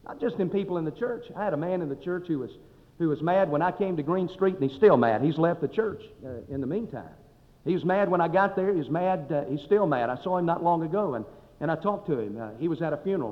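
A male pastor preaching a sermon in a folksy, emphatic way, swelling and dropping his voice. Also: fairly high pitch. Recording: dull sound with long hall reverb.

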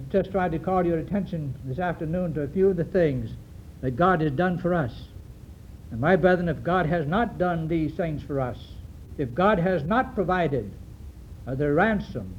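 A man preaching a sermon to his congregation, earnest and halting, with many fillers and restarts. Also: sits high. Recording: dull lo-fi recording with faint hiss.

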